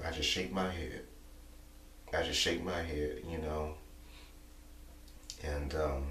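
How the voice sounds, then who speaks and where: Deep-voiced man rambling in an echoey room. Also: unhurried, a bit bright. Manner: repetitive, rambling, many "you know" fillers. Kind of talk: casual monologue vlog. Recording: echoey room, distant mic, faint hum.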